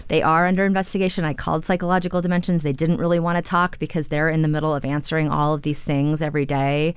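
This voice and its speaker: A woman's voice: low voice, flat delivery, quick pace, clear, resonant tone, no echo. A woman reporter explaining her story in a conversational radio interview, with frequent "you know" fillers.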